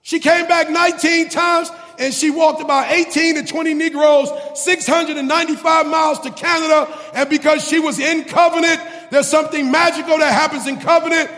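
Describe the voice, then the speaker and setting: Gravelly high-voiced preacher in a reverberant hall. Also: male voice. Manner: swings from shouting to hushed intensity. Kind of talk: sermon. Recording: long reverb, music behind. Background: faint music.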